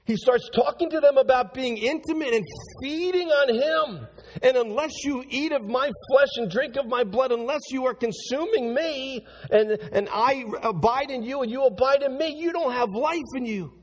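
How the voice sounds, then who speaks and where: A man preaching a sermon as pastor, swinging from hushed, low passages to loud, high-pitched bursts as he reads and explains scripture. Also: moderate pace, big-room sound. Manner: animated preaching with big swings in pitch and loudness.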